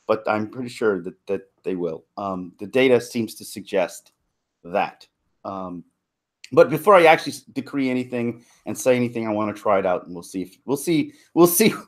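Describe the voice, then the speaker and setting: On a live stream, a man with a medium-pitched voice, a YouTuber and impressionist, chats casually in a halting, rambling way, full of fillers and restarts, with occasional laughs between thoughts.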